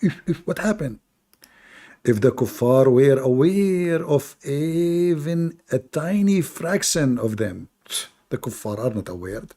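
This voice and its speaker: Male debate host, sarcastic, mocking, gravelly voice, dark tone. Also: on the high side. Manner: sarcastic, mocking, laughs at his own jokes. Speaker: live debate show host. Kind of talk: live online debate commentary.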